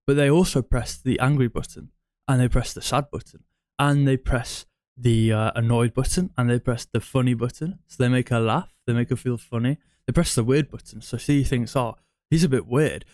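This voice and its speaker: A man's voice: mid-range voice, darkish tone, no echo, clean studio sound. A young man giving dating advice in a blunt, crude, rambling monologue that circles back on itself.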